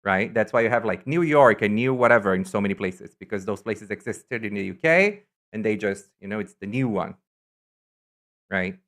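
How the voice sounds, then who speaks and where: A man's voice: on the low side, animated, moderate pace, a bit bright. A man from Brazil with a São Paulo Brazilian accent, a native Portuguese speaker, chatting casually and rambling as he reads viewer comments on a stream.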